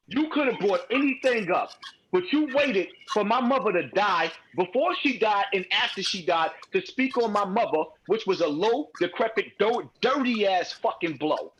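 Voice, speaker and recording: A man's voice: sits high, lively intonation, moderate pace, a bit bright, muffled recording, a little hiss or hum. A man arguing heatedly as a guest on a live call-in stream, repeating himself as he presses his point. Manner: heated, confrontational, repeats phrases.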